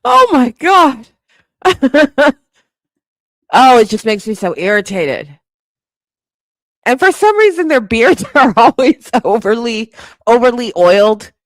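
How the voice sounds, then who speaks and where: A woman's voice: fairly high pitch, very animated, a little slow, dry recording. Laughing, exasperated woman streamer. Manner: laughs often, exasperated and playful. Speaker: live-stream host. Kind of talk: casual live-stream reaction chat.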